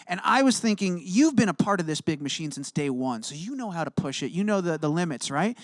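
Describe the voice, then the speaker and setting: A man hosting an interview, asking quick, stumbling, enthusiastic questions full of restarts. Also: a little high, big pitch swings, no echo. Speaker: interview host. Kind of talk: casual interview chat.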